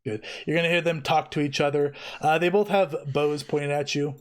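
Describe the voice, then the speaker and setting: A man narrating a tabletop game as game master. He talks in a casual, easygoing way with plenty of fillers, his voice sitting a little high, and he's recorded over an online call. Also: steady tone, normal speed.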